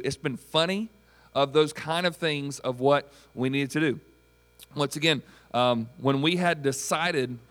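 A middle-aged man preaching a sermon as pastor, telling stories with animated delivery and acting out voices. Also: on the high side, moderate pace. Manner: animated storytelling preacher, acts out quoted voices.

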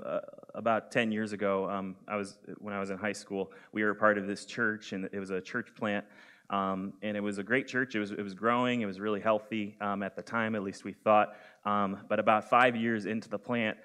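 A young man in his twenties preaching with earnest conviction, his voice sitting a little low. He speaks plainly and often pauses on "um" as he works through his sermon. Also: a bit bright. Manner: earnest, frequent "um" fillers.

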